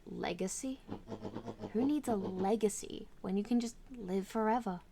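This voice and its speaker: A woman's voice: medium pitch, warm tone. An Australian woman voicing a pompous, cruel old male bird villain in a storybook game, speaking in a theatrical, sneering way. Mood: gloating. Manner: theatrical, sneering, slow and grand.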